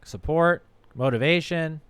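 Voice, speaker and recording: Smooth-voiced man, frank and casual. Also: a little high, a little slow, fairly bright tone, no echo. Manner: frank, profane, conversational. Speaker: doctor. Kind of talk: casual livestream talk. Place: home streaming setup.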